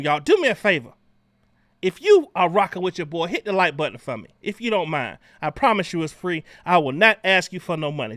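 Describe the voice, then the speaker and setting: A man hosting a casual livestream chat, loud and animated as he greets viewers. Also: sits high, dry recording, clean studio sound. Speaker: livestream host.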